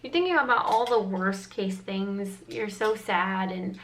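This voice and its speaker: Young woman vlogger, mid-pitched, chatty and earnest, heavy on "like". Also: measured pace, a bit bright, slight background noise, rough recording. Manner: earnest, emotional retelling with frequent "like" fillers. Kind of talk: chatty personal storytelling.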